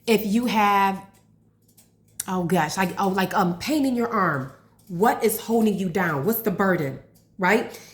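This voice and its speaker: Chatty woman in an echoey kitchen. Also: medium pitch. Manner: chatty, nervous and excitable, lots of gasps and "oh gosh". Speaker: health and life coach, vlogger. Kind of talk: casual home cooking vlog. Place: home kitchen. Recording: echoey kitchen with faint frying noise.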